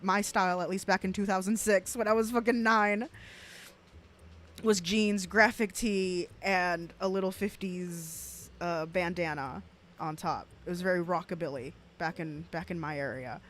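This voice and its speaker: A woman's voice: lowish voice, steady tone, a little slow. A woman in her twenties from South Texas with a South Texas accent, giving blunt, profane commentary on a stream with frequent restarts. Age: 20s. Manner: blunt and profane, with laughing asides and rambling restarts. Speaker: streamer reacting to clips.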